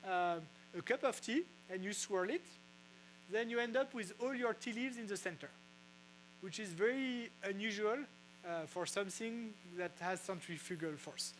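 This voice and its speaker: High-voiced man with a French accent. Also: a bit bright, slight background noise, rough recording. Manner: halting, many fillers and restarts. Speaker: physicist explaining brewing science. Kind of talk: casual lecture. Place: brewery.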